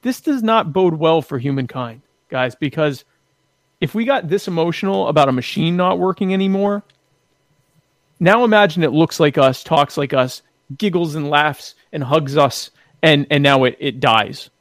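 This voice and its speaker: A man's voice: a little high, moderate pace, no room sound, clean studio sound. A man on a casual podcast, talking in an opinionated, emphatic way and often repeating words as he starts a point.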